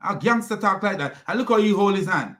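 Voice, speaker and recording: A man's voice: sits high, expressive, quick pace, a bit bright. A man hosting a commentary video, ranting and mocking as he reacts to clips. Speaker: commentary host.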